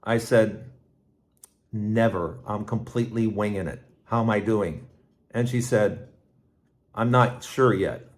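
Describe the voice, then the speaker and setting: A man's voice: lowish voice, slow, long pauses. Rambling middle-aged man telling a story. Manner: rambling, with restarts and lively asides. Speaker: podcast host. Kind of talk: casual storytelling to camera.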